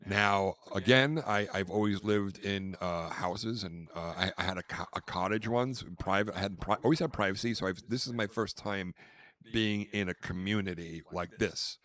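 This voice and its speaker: A podcast host with a low-pitched, slightly bright voice speaks at normal speed. In laid-back chat he rambles through stories, naming names and dramatizing quotes.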